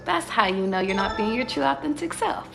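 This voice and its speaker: Speaking quickly in a fairly high, expressive, gravelly voice, this woman reads tarot and is delivering a laid-back pep talk on a livestream. She's profane and emphatic, constantly posing rhetorical questions. Music plays behind her in an echoey room.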